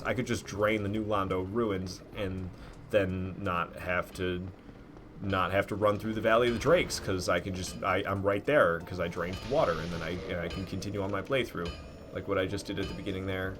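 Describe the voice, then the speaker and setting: A gameplay streamer with a lowish, slightly bright voice rambles through live commentary while he plays. He talks to himself, criticizes his own errors, and curses when things go wrong.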